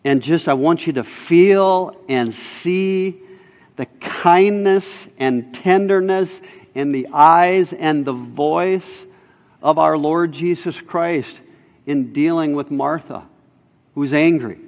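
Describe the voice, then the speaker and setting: Preaching slowly in a fairly high male voice, the pastor insists on his points and hammers them home by repeating key lines. The sermon rings with the long reverb of a large hall, much like a church sanctuary, and the audio sounds dull.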